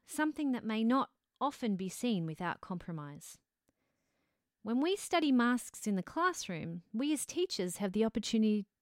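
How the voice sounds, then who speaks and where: A woman, a drama teacher answering interview questions in a measured, explanatory way. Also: mid-range voice, dry recording, clean studio sound. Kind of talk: scripted-sounding interview answers.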